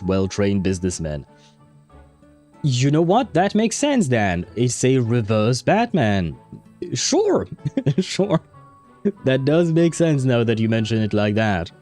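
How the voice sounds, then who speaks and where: A man's voice: lowish voice, mellow. A French-speaking man chatting casually as he streams a game, rambling with lots of fillers. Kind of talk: casual gameplay commentary.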